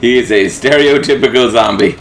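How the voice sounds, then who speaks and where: A man's voice: medium pitch, brisk, slight background noise. A man co-hosting a casual game playthrough, making sarcastic remarks and laughing often. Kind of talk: casual let's-play commentary.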